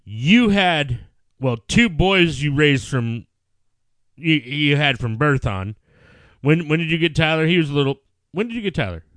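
A middle-aged man tells a family story in casual podcast chat, animated and full of swearing. His voice sits fairly high for a man. The sound is close and dry. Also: unhurried, dry recording.

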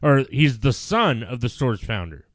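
A man's voice: mid-range voice, unhurried, no room sound, clean studio sound. A middle-aged man, a podcast co-host, telling stories in casual chat with lots of swearing. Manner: profane, animated storyteller.

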